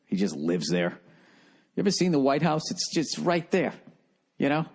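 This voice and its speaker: A man's voice: on the high side, very animated, normal speed, creaky, darkish tone, breathy edge. A man hosting a comedy podcast, ranting in a profane, rambling monologue. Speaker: podcast host.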